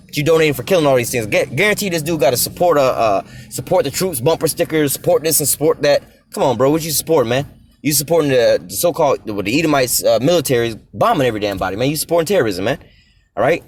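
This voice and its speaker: Angry black guy ranting at a clip, cussing nonstop, talks fast. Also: a little high, expressive, a little hiss or hum. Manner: profane, heated, preachy, addresses the clip directly. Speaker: commentator reacting to a clip.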